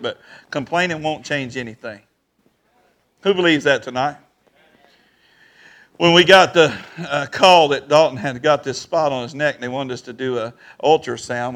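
A man preaching a sermon in church, lively and folksy, calling out to the congregation. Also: mid-range voice. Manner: lively preaching with crowd call-outs and folksy grammar. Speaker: pastor.

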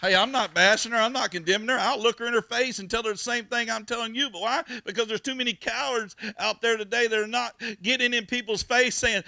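A man preaches a sermon, his voice sitting high and gravelly. His tone is bright and forceful, and he swings from shouts to hushed pleas. The sound is dry and close, with no room around it. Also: fairly even intonation, fast talker, hardly any pauses, no room sound. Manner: folksy storytelling with laughs. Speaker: pastor.

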